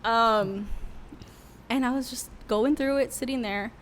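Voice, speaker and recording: A woman's voice: a little high, measured pace, fairly bright tone, slight background noise. A young adult woman, a worship leader who is a podcast guest, telling a candid, emotional story with many fillers in a casual interview.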